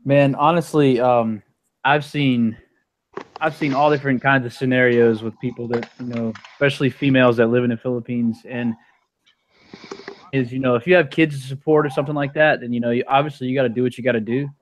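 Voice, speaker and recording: A man's voice: medium pitch, steady tone, brisk, slight background noise, poor audio. A man speaking thoughtfully and hesitantly, with many fillers, in a casual online group chat. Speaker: chat participant.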